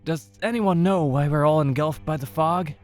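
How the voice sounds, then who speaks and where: A man voicing a lost, agitated stranger in a horror story who speaks loudly and urgently. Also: a little high, moderate pace, faint music behind, voice pushed up, close to an everyday voice. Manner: loud and urgent. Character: lost young man, agitated and pressing for answers.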